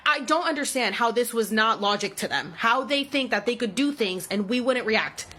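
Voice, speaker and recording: Husky-voiced angry woman in her thirties. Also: on the high side, expressive, moderate pace, bright, forceful tone. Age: 30s. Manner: angry, emphatic, swears heavily. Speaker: vlogger. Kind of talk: heated personal story rant.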